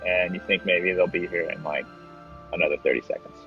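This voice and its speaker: Deep-voiced man running a tabletop game. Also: a little fast, creaky. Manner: rambling, full of restarts and fillers. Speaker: game master. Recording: dull lo-fi with faint music.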